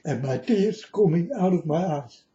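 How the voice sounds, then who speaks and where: A man's voice: fairly high pitch, lively intonation, normal speed, warm tone, lo-fi sound. A man giving an earnest, solemn monologue to his viewers, repeatedly calling them folks. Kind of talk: emotional monologue to camera.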